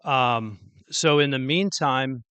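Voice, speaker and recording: Mayor with a bright voice. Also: male voice, mid-range voice, slow, smooth, no room sound. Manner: formal prepared speech with small slips, storytelling. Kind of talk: public address speech. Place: public event with an audience.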